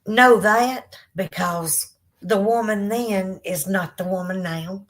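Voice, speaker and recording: A woman's voice: medium pitch, takes it slowly. A woman in her fifties with a Southern American accent, hosting a live podcast. She tells a painful personal story candidly and fights back tears, rambling with fillers as she answers viewer comments. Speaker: podcast host.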